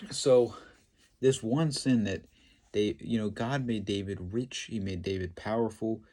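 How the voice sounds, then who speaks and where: A man retelling a Bible story and commenting on it, in a halting, filler-heavy way. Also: lowish voice, fairly even intonation, dark tone. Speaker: Bible teacher.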